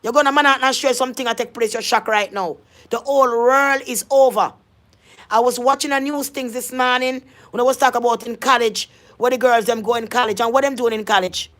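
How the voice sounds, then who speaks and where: A woman's voice: fairly high pitch, steady tone, a little fast, fairly bright tone. An adult woman, ranting in a vlog monologue, emphatic and confrontational, often repeating herself. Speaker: vlogger.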